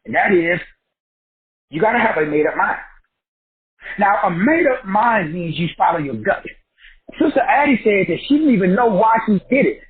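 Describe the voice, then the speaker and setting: A man teaching a credit class over a group call in a preacher-like cadence, folksy and emphatic, firing off rhetorical questions and repeating phrases. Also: sits high. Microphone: phone or call line. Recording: tinny phone-line audio.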